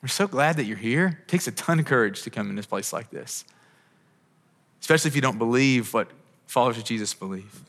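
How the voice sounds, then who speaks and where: A brisk pastor in his thirties preaches with lively intonation in a medium-pitched, fairly bright voice. He is earnest and conversational and often restarts sentences, and the church auditorium lends long hall reverb.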